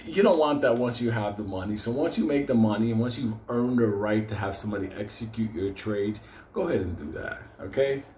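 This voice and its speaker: A man's voice: lowish voice, lively intonation, fairly quick, mellow. A man rambling in a casual rant, swearing constantly and breaking into laughter as he jokes. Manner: profane, laughs often, loose and joking. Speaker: host. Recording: roomy echo, faint background noise.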